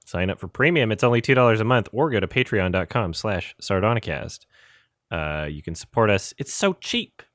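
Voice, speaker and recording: A man's voice: on the low side, fairly quick, a bit bright, no room sound, clean studio sound. A man co-hosting a podcast, sarcastic and laughing often, with frequent swearing as he reads out plugs. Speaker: podcast co-host. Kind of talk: casual podcast chat.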